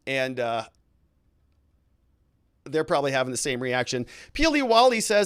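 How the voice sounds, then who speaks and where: A man's voice: medium pitch, big pitch swings, unhurried, long pauses, a bit bright, dry recording, studio quality. A man hosting a casual livestream, reading viewer comments aloud and answering them in a blunt, opinionated way with irritated asides. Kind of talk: casual live-stream commentary.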